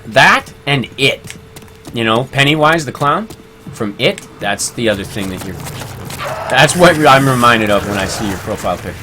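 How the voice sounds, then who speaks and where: A man's voice: mid-range voice, animated, normal speed, bright, forceful tone, slight background noise. A man streaming a game live, chatting casually, reading viewer comments aloud and laughing easily. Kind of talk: casual live-stream chat while gaming.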